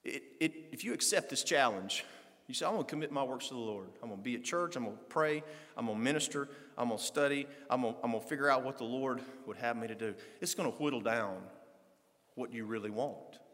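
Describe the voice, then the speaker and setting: Bright-voiced preacher man, big hall echo. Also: quick pace. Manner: swings between loud fervent preaching and low conversational asides. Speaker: pastor. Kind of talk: sermon.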